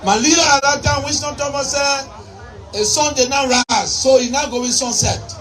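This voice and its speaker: A man with a Liberian English accent giving a political rally speech, shouting and repeating his points rhetorically. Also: very high voice, normal speed, faint music behind. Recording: distant mic with crowd and noise.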